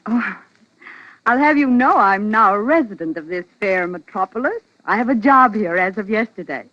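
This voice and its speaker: An actress playing a cheerful former fiancée in a 1940s radio drama, speaking brightly and playfully. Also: female voice, fairly low pitch, animated, normal speed, no room sound. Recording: dry lo-fi old radio broadcast.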